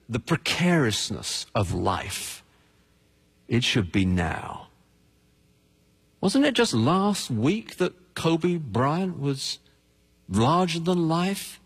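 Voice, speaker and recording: A man's voice: on the high side, slightly rough. A man preaching a sermon as a pastor, passionate and emphatic, often repeating words for stress. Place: church. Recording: long hall reverb.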